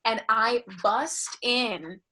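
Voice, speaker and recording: A woman's voice: a little high, drawn-out words, sharp tone. A woman comedian, a guest telling candid, profane stories in casual chat. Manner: candid, profane, bursts of laughter.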